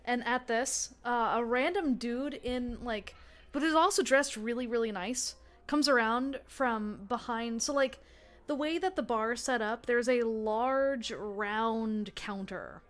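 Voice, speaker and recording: A woman's voice: on the high side, slow pace. A woman running a tabletop role-play game as game master, narrating in a chatty way full of fillers and restarts. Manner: chatty, lots of fillers and self-corrections.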